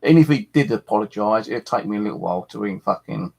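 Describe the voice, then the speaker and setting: Gravelly, husky man ranting angrily. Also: fairly low pitch, lively intonation, fast talker, darkish tone. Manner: angry, swearing, repeating himself. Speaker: paranormal live streamer. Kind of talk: angry live-stream rant.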